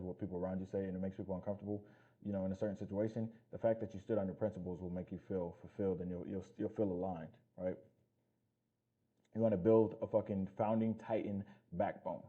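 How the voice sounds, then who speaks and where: A fitness coach giving blunt, profane motivational talk in a casual vlog. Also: male voice, deep voice, mellow, slightly rough, lo-fi sound.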